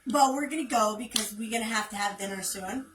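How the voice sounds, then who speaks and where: A playful woman chats casually on a home livestream, her voice sitting a little high. The room is echoey, and a faint hiss sits under her words. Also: brisk. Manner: playful, chatty, laughs often. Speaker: channel host.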